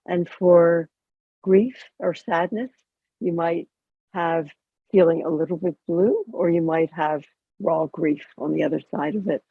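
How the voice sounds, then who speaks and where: A woman chaplain calmly teaching a mindfulness practice over a video call, conversational and gently humorous. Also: fairly low pitch, a little slow, creaky, breathy edge, no echo. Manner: calm, conversational, gently explaining with light humor. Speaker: chaplain and educator. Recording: dull lo-fi video call audio.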